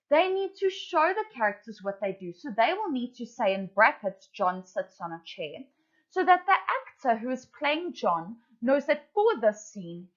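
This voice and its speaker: A woman teaching a children's English class, explaining each step briskly. Her voice sits fairly high and moves around a lot in pitch. The recording sounds dull and lo-fi. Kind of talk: online English lesson for children.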